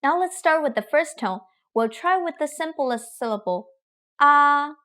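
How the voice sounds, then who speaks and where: A woman teaching tones in a patient, clear lesson style. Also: high voice, lively intonation, normal speed. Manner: patient, drills tones with long sung vowels. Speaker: Mandarin teacher. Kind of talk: clear, slow pronunciation lesson.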